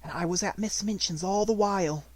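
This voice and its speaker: A man reading an audiobook and voicing a quiet, grave orphaned little girl in a raised, soft, steady voice. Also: high-pitched, fairly quick, dry recording, pitched above the performer's own voice.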